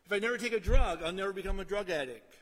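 High, bright-voiced preacher in a hall. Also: male voice, rapid-fire. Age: middle-aged. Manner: conversational, asks "right?" often, drops to a quiet storytelling tone. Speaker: pastor. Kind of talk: sermon.

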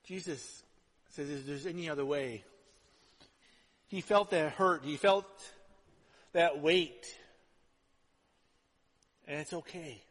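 A male pastor preaching a sermon in a conversational way, dropping to hushed asides and rising to loud emphatic lines. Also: a little high, takes it slowly, long pauses. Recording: long hall reverb.

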